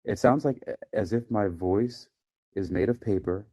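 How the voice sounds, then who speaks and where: A man with a deep voice hosting a casual chat, talking into his phone in a relaxed, laid-back way. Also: normal speed, breathy edge. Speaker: host. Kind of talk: casual chat on a live audio app. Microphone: phone microphone.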